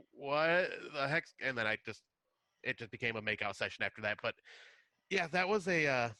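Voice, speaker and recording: A man's voice: on the low side, pushed and bright, no echo. A young adult man co-hosting a podcast, telling a story in a jokey, self-deprecating way. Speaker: podcast co-host. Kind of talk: casual chat, storytelling.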